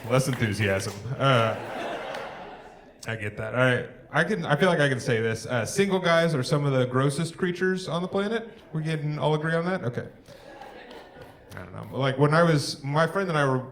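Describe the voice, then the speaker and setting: A young man doing a live stand-up set on a theatre stage, working the crowd with dry one-liners and pausing for laughs. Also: mid-range voice, noisy background. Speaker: stand-up comedian. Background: crowd laughing and clapping.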